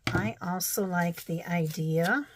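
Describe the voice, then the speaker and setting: A woman's voice: lowish voice, takes it slowly, background noise. A woman narrating her crafting casually, thinking aloud with chatty, self-deprecating asides.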